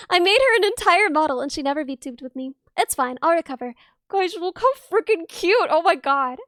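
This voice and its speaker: Very high-pitched, excitable young streamer woman. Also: normal speed, no room sound, studio quality. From not Australian. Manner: excitable, gasps and squeals at chat, rambling asides. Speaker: VTuber streamer. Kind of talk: casual stream chat reading chat.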